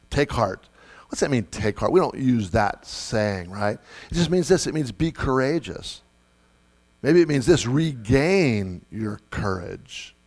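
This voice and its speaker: A man's voice: mid-range voice, animated, unhurried, darkish tone. A middle-aged man delivering a sermon as pastor, conversational, repeating key phrases and putting questions to the congregation.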